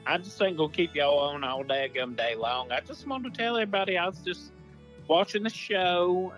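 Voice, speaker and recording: A man's voice: a little high, a bit bright. A man playing Dale, a boastful Southern good ol' boy with a put-on Southern accent and a folksy, rambling way of talking, in a comic livestream chat. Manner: folksy drawl, "daggum" and "I tell you what". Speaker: guest character.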